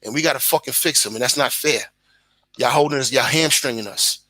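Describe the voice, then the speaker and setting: Man, Brooklyn accent, forceful bright tone, profane rant, stream chat. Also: mid-range voice, fairly quick, dry recording, low-quality recording. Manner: emphatic, ranting, profane. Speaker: guest content creator. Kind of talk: casual live-stream chat.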